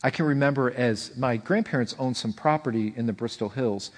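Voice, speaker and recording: A man pastor preaching a conversational sermon, telling stories with frequent restarts and an animated delivery. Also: mid-range voice, brisk.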